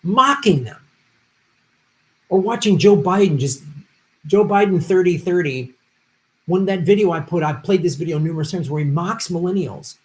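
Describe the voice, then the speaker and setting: A man runs a political commentary livestream, reading out viewer donations and ranting with plenty of profanity, veering between muttering and shouting. His voice is high-pitched and expressive, moving at a normal speed with frequent pauses.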